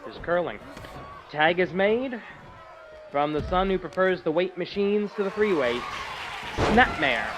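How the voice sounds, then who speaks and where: A man doing excitable, jokey play-by-play commentary for a wrestling show. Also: high-pitched, a little slow, long pauses, music in the background, rough recording. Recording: loud crowd and noise behind.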